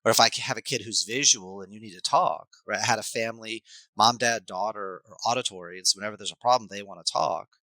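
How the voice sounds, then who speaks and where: A middle-aged man, a life coach and hypnotherapist, talking at length as a podcast guest and acting out scenes with sudden loud bursts. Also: lowish voice, fast talker, no echo, poor audio. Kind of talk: podcast interview, explaining at length.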